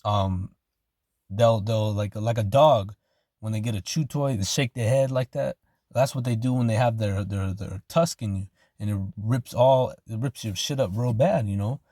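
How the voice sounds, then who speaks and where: A man preaching in loose street slang, his voice sitting low and close with almost no room around it. He keeps dropping "man" and "okay" between thoughts. When he reads scripture, he slows down and leans in loud. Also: no echo. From Arizona, United States. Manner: reads scripture slowly and loudly. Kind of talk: informal sermon with scripture reading.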